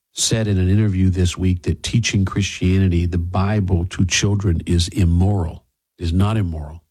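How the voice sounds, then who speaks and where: A man's voice: sits low, warm tone, breathy edge. A man hosting talk radio, giving blunt commentary with sarcastic asides.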